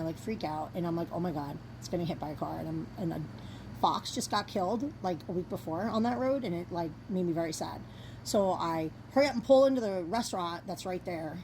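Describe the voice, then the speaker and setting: A young woman, chatty and rambling as she tells a story, swearing freely and getting animated as she goes. Her voice sits at an ordinary middle pitch, with faint noise behind it. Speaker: storyteller vlogger. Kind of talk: casual storytime vlog.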